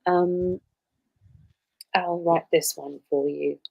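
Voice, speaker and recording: A middle-aged woman who grew up in Wales, chatting warmly on a livestream as she signs prints for fans, with plenty of ums and soft asides. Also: lowish voice, steady tone, very slow, creaky, dry recording, phone-quality sound. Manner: warm, gushing, with many ums and soft trailing asides. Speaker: voice actress signing prints for fans. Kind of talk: casual livestream chat.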